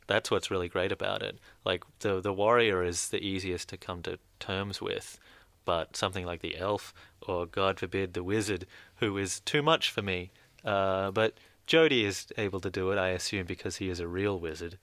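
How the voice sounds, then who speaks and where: Man, co-host, low pitch, dry studio sound, emphatic, casual game talk. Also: fairly even intonation, moderate pace, a bit bright, no echo. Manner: emphatic, repeats words for effect. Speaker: podcast co-host. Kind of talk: casual game review chat. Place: radio studio.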